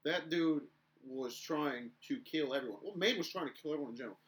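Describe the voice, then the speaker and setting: A young man co-hosting a casual podcast chat, telling stories in an animated way and acting out the shouting. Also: a little high, fast talker. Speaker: podcast co-host.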